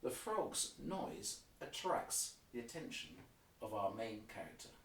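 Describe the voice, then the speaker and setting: A man's voice: on the low side, sing-song, unhurried, a bit bright, far from the mic, a little hiss or hum. A man explaining an opera scene by scene, now and then singing short motifs to illustrate them. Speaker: opera guide. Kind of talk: guided listening tour with piano examples. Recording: roomy, off-mic, with piano.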